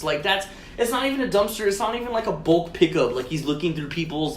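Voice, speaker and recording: A man's voice: high-pitched, quick pace, hardly any pauses. A man co-hosting a podcast, telling a long story in casual chat, swearing and acting out both sides of a conversation. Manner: profane, rambling, retells conversations. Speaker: podcast co-host. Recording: roomy echo with faint noise.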